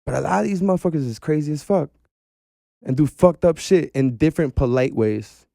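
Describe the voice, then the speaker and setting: A man talking casually as a podcast guest, animated and slangy, saying "bro" often. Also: fairly high pitch, a little fast, gravelly, dry recording, studio quality.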